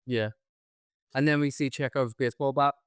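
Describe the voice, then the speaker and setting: A man's voice: medium pitch, fairly even intonation, normal speed, smooth, dry recording. A man co-hosting a podcast, recapping an episode in casual chat with sarcastic jokes. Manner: sarcastic, jokey recapping, puts on silly voices. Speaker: podcast co-host. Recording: no studio mic, recorded together in a room.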